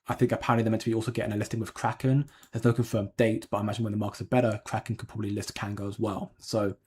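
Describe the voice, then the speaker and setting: On a crypto livestream, a male host chats casually and responds to viewer comments in a medium-pitched, warm voice, with slight background noise. He rambles and hedges, filling his talk with ums and restarts.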